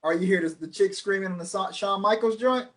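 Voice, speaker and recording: Male podcast co-host, higher register, loose rambling delivery, self-deprecating. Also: a little fast, fairly bright tone. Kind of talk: casual chat.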